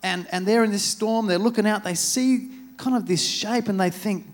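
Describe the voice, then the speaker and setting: Here a preacher, a man with a high voice, talks at normal speed into a church microphone. He turns his sermon into an easygoing, chatty retelling and voices the quotes dramatically.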